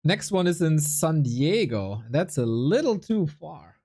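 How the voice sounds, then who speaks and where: A man's voice: on the high side, measured pace, slightly rough. A young man casting a strategy game live, chatting with viewers between plays and reacting as the match unfolds. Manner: lively, chatty, reacts to viewers mid-commentary. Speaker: esports caster and streamer.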